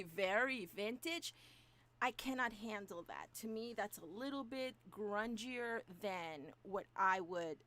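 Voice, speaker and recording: A woman hosting a papercraft channel, chatting casually with viewers, animated and gushing, and laughing often. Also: a little high. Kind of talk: casual chat to live viewers. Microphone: new microphone, moved closer.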